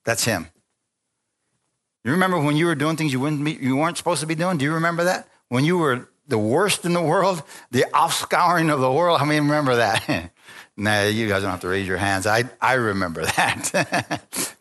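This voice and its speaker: A man's voice: medium pitch, moderate pace. A man preaching a sermon in a church, telling a story with acted-out voices and frequent laughter, calling on the congregation. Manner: lively storytelling preacher, acting out quoted voices, laughing often. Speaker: pastor. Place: church sanctuary.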